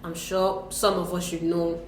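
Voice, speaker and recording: Lower-voiced woman teaching French in an echoey room. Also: flat delivery, background noise. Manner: patient, explains slowly with French phrases and laughs. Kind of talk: casual language lesson. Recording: echoey room with faint ambience.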